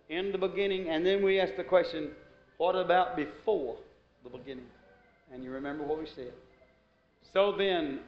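A man preaching a fervent sermon that swings between hushed talk and shouted exclamations. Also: high voice. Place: church hall. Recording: muffled echoey church recording with music.

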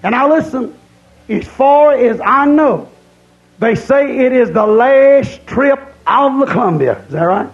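A man's voice: extremely high pitch, animated, a little slow, highs cut off. A man preaching a camp-meeting sermon, emphatic and repeating his points.

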